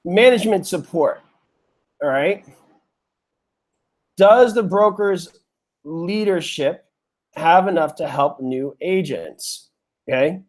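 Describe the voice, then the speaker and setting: A man's voice: high-pitched, slow pace, pauses often. A man hosting a live webinar lesson, talking to viewers in a chatty, heartfelt way and calling them "you guys". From New York. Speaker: webinar host.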